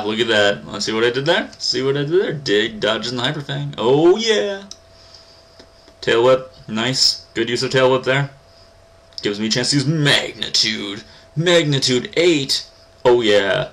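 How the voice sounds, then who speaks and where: A man's voice: fairly low pitch, bright, forceful tone, low-quality recording. Rambling man narrating a retro game. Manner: rambling, sarcastic, talks to game characters. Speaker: gaming channel host. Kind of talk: casual let's-play commentary.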